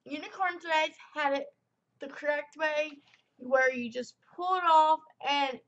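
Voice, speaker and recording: A woman's voice: sits high, a little slow, a bit bright, dull audio. A young woman rambling through a casual product review vlog in a chatty way, full of fillers and tangents.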